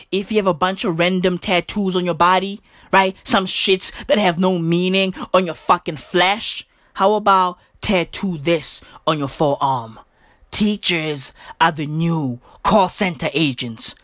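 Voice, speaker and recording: A woman's voice: medium pitch, fairly bright tone, dry recording, clean studio sound. A woman giving crude, mocking comedic commentary in slangy talk. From South Africa.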